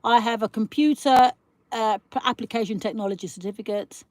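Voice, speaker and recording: British woman host, chatty live-stream ranter, higher voice, dry close sound. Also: fairly quick, a little mellow, no room sound. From Britain. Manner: chatty, ranting, reads out viewer comments. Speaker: livestream host. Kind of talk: casual live-stream chat.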